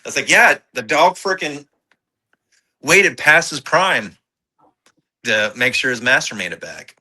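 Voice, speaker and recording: A man with a very bright, sharp voice at a middling pitch, chatting on a casual review show. He rambles, restarts phrases, and laughs between them. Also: lively intonation, a little slow, low-quality recording. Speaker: podcast co-host. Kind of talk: casual film review chat.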